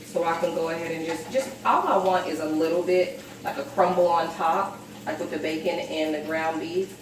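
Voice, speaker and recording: A young woman chats her way through a cooking vlog, a little low in pitch. She stands off from the mic in an echoey kitchen. A pan sizzles clearly behind her. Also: normal speed, recorded from a distance, slight background noise. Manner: chatty, narrates while cooking, addresses viewers as y'all. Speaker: cooking vlogger. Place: home kitchen.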